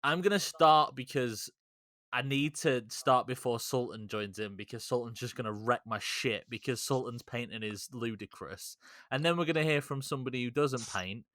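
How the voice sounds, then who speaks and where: Bright-voiced podcast host man. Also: mid-range voice, normal speed, dry recording. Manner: swears freely, rambling and teasing. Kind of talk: casual chat.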